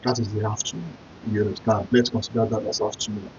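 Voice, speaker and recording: A man's voice: lowish voice, flat delivery, fast, slight background noise. A man giving a casual spoken lesson, patiently repeating and spelling out words and encouraging his viewers. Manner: encouraging, addresses viewers directly. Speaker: language teacher. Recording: dull lo-fi sound.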